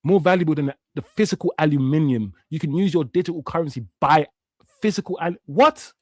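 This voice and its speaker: Man, 50s, from Jamaica, stream host, heated slangy rant, swears, slightly high voice, dry close sound. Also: brisk, darkish tone, no echo. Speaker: watch-along stream host. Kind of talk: casual live-stream rant.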